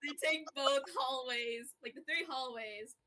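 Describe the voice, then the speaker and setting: A woman narrates a roleplay as game master on a voice call, her high-pitched voice bright, forceful, and a little slow. She's chatty and playful, giggling as she goes, with slight hiss or hum in the audio.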